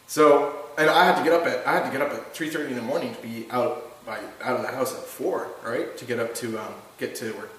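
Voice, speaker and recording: Animated Canadian man spinning yarns. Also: medium pitch, fairly quick, hardly any pauses. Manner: animated storyteller, keeps tagging lines with "right?". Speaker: guest. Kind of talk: casual anecdote telling. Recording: echoey room, distant mic, faint noise.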